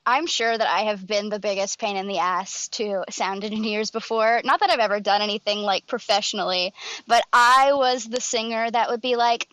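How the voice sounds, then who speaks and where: A woman's voice: medium pitch, normal speed, fairly bright tone, no echo, dull audio. A woman co-hosting a podcast, chatting in a wry, casual way and laughing easily. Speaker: podcast co-host. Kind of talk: casual recap chat.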